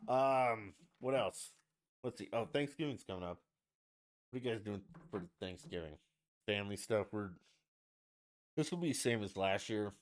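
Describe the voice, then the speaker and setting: A man's voice: lowish voice, expressive, moderate pace, long pauses. A man hosting a casual solo podcast from the United States, ranting bluntly and swearing freely. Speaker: podcast host.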